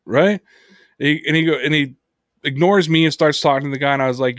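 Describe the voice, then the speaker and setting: Brief: male sports podcast host, higher voice, animated, swears a lot, dry close mic. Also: a little fast, dry recording. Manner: animated storyteller, heavy swearing. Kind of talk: casual sports podcast chat.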